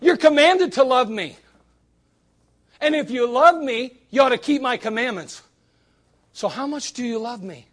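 A man's voice: extremely high pitch, expressive, unhurried, long pauses, a bit bright. A man preaching a sermon at a church service, emphatic and full of rhetorical questions and sarcastic asides. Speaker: pastor.

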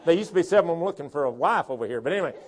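A man from the South, preaching a sermon and reading scripture verses aloud, swelling loud on key words and dropping into folksy asides. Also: fairly high pitch, expressive, racing, some chatter behind. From southern Tennessee and northern Alabama, US.

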